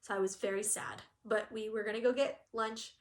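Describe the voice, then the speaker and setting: A woman's voice: fairly high pitch, fairly even intonation, normal speed. A woman from Southern California co-hosting a cross-stitch channel, telling a story in casual chat and acting out quotes with laughter. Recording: echoey room.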